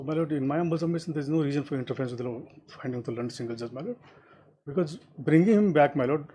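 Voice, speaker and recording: A man's voice: on the high side, dark tone, a little hiss or hum, poor audio. A man, an advocate making a formal courtroom argument to a judge and adding "my lord" to nearly every sentence. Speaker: advocate arguing before a bench.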